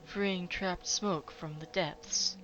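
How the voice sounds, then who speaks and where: A woman voicing a nervous, fussy clerk of the mines who talks in a hesitant, halting, polite way. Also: on the low side, steady tone. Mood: explaining. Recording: dull lo-fi with faint noise.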